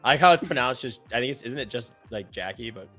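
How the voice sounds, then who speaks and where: A man in casual live-stream banter, animated and profane, laughing as he talks. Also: mid-range voice, racing, faint music behind. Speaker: co-host of live trading show. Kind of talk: casual chat.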